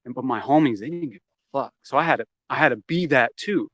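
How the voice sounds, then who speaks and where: A man's voice: medium pitch, quick pace, a bit bright, no room sound. A man telling a story from his past in a casual interview. He swears freely and acts out the quoted lines as he goes. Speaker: interview guest.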